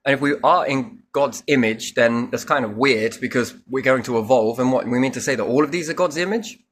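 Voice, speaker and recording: A man's voice: medium pitch, a little fast, a bit bright, slight background noise. A man rambling through a spiritual monologue, musing and asking himself questions, with casual swearing. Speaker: speaker musing on faith.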